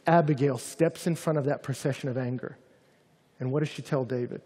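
A man preaching a sermon, animated, often acting out angry voices. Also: mid-range voice, a little fast, slightly rough, in a large hall. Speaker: pastor.

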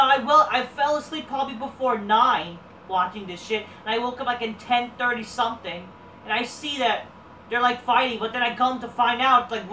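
A woman hosting a wrestling review show, ranting casually with lots of swearing and rambling fillers. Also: lowish voice. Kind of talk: casual profane rant. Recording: roomy, distant mic, faint background noise.

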